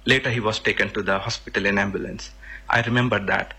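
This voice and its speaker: A man's voice: on the low side, steady tone, fast, pushed and bright, husky. A man from India, earnestly telling a personal story and sometimes searching for words.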